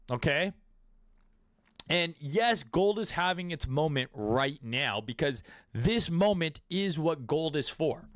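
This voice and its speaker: Male crypto host, raised pitch, dry close sound, crude riffing delivery. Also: big pitch swings, slow, fairly bright tone, no echo. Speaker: crypto trading commentator. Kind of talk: casual market commentary.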